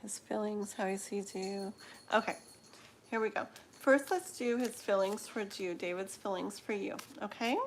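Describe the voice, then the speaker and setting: A woman giving live tarot readings, talking in a slow, halting way with many fillers and restarts while she feels her way through the cards. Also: mid-range voice, slight background noise. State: emotional, laughing through tears. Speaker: tarot reader.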